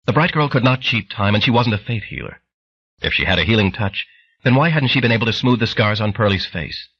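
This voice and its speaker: A low, husky male voice narrating an audiobook with dramatic storytelling. His pitch moves lively across the lines. The sound is dull and lo-fi. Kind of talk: scripted narration.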